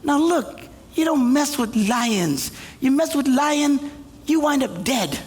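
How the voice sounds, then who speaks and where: A man preaching a comedic sermon, retelling a story with jokes and suddenly shouting the characters' lines. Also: very high voice, slow pace, long reverb tail. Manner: animated, jokey, acts out characters with shouted quotes. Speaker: pastor. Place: church auditorium.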